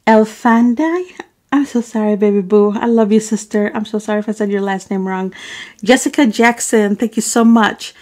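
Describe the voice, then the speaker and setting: A woman's voice: medium pitch, normal speed, a little mellow. A woman vlogger thanking her viewers by name, affectionate and apologetic when she stumbles over their names. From Arab. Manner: affectionate, calls viewers baby boo. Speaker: mukbang vlogger. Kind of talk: casual shout-outs to viewers.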